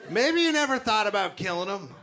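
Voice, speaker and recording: Dark-humored stand-up comedian, man. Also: high-pitched, fairly quick. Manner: dark, deadpan crowd work with acted-out voices. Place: comedy club stage before a live audience. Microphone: handheld stage mic. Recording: live club recording, loud crowd laughter.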